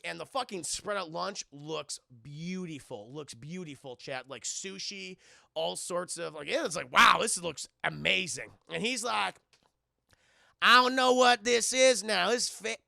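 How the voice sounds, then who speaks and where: A man's voice: on the high side, creaky, bright, forceful tone, no room sound, studio quality. A young man casually recapping a film for his live chat, swearing a lot and acting out lines from the scenes. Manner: profane, rambling, acts out quotes. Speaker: streamer reviewing a film.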